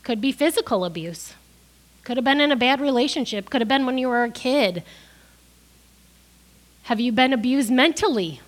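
A woman's voice: high voice, animated, moderate pace, long pauses. A middle-aged woman preaching a sermon, crying as she gives an emotional testimony that builds to emphatic peaks.

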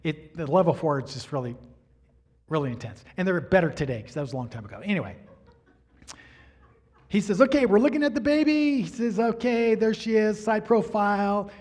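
A middle-aged male pastor with a high-pitched voice tells a personal story from the pulpit. He is an animated storyteller who acts out each exchange of dialogue as he goes. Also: brisk. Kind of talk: sermon storytelling.

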